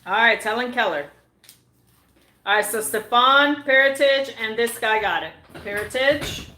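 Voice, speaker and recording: Bright-voiced woman reading scores. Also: on the high side, animated, a little slow, reverberant, rough recording. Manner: laughs easily, reads out names. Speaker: co-host keeping score. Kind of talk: casual live-stream co-hosting.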